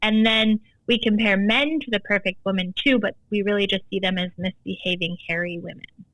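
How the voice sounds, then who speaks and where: A woman's voice: mid-range voice, fairly even intonation, moderate pace, fairly bright tone, dry recording, low-quality recording. Podcast guest: an emphatic woman coach, casual, with a dry close sound. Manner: emphatic, frequent "like" fillers. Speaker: guest, tantra and embodiment coach.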